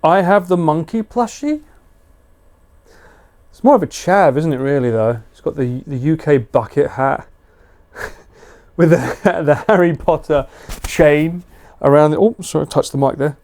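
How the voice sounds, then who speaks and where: British man, live-stream chat, laid-back and slangy, slightly high voice. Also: measured pace, pauses often, darkish tone.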